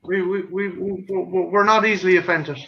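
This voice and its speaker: A high, bright-voiced Irish man hosts a loose podcast chat, joking and tripping over repeated words. His voice comes through a slightly dull, lo-fi mic. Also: steady tone, moderate pace, gravelly, a little hiss or hum. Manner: joking, stammering restarts. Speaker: host.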